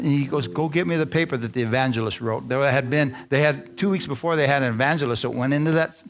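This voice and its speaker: A man's voice: mid-range voice, animated, fairly quick, a bit bright, faint music behind. A man preaching, telling a personal story to a congregation and acting out the dialogue in it. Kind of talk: sermon testimony.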